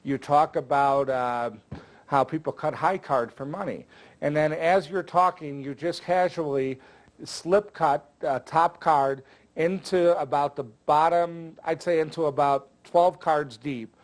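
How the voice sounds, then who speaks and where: Older man, slightly high voice, casual magic lesson, joking asides, lots of uhs. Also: fairly even intonation, unhurried. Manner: chatty, jokey, with filler words. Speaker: magic instructor. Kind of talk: casual instructional talk.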